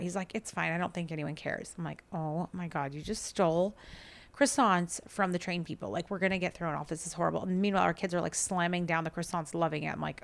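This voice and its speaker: A woman podcast host casually telling a family story, chatty and animated, acting out quoted dialogue. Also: lowish voice, normal speed, vocal fry.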